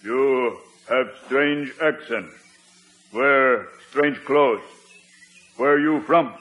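A slow, solemn old chief. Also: male voice, mid-range voice, fairly bright tone. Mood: theatrical. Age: older. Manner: slow, clipped broken speech, solemn chanting. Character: older tribal chief, solemn and theatrical. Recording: dull lo-fi old TV sound.

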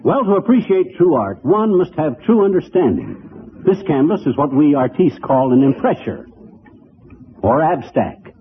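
A blustering braggart husband. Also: male voice, on the high side, big pitch swings, moderate pace, slight background noise. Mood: boastful. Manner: brash, bragging, mangles words. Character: boastful blustering small-town husband, middle-aged. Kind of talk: 1940s radio comedy acting. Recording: tinny old radio broadcast, studio audience laughter.

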